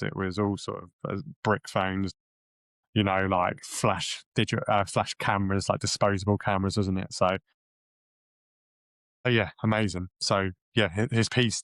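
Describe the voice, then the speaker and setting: A man co-hosting a podcast, telling a story in rambling, animated casual chat with many restarts. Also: on the low side, dry recording. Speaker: podcast co-host.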